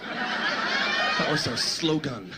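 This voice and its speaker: A man doing a stand-up routine, animated and jumping into squealing voices. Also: a little high, extremely slow. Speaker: stand-up comedian. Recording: noisy live stand-up recording.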